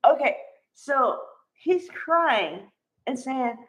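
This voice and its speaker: A woman's voice: on the high side, slow, pauses often, low-quality recording. A woman recapping a soap opera in a casual, gushing chat, her talk full of "like". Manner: gushing, chatty, peppered with "like".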